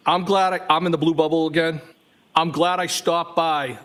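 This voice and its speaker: At a moderate pace, a trial witness with a fairly high, fairly bright voice and fairly even intonation reads text messages aloud. He keeps an even delivery and says each punctuation mark out loud.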